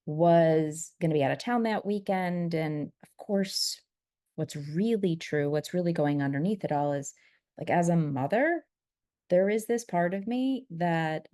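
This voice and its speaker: Middle-aged woman, lowish voice, dry close mic; candid vlogger who gets animated acting out both sides of an argument. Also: no room sound. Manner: candid, animated when quoting, laughs at herself. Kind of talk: reflective personal storytelling.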